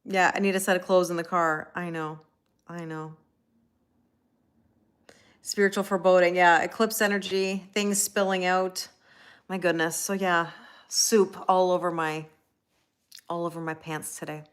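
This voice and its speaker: A woman's voice: on the low side, little pitch movement, measured pace, pauses often, clear, resonant tone. A woman hosting a casual live stream. She rambles through a story, laughs at herself, and greets chat viewers by name as she goes. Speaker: livestream host and tarot reader; schoolteacher.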